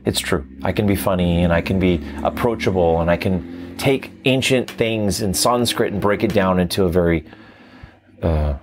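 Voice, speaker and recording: A man who teaches tantra, telling his story in a reflective, animated interview. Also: deep voice, moderate pace, background noise. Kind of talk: conversational interview.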